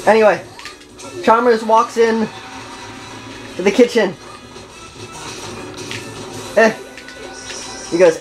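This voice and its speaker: A woman's voice: mid-range voice, slow pace, long pauses, faint music behind, low-quality recording. Woman rambling over gameplay. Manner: playful, rambling, self-interrupting. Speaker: gaming video host. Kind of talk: casual gameplay commentary.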